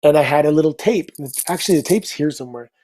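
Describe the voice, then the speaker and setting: Man, middle-aged, fairly high voice, upbeat storyteller, casual asides. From Canada. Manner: lively anecdote teller, upbeat, quick asides. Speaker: guest.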